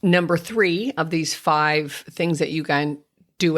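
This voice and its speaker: An older woman, a speech therapist hosting a podcast, patiently explaining to parents how to help toddlers speak clearly. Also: low-pitched, takes it slowly. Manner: patient, explanatory, slips into exaggerated child-directed speech when modeling. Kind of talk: instructive podcast talk to parents.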